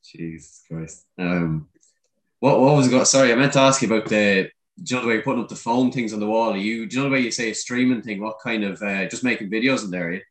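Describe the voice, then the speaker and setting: Low-voiced man in an echoey room. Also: quick pace. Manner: loose, swearing, chatty questions. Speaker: interviewer. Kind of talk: casual interview chat.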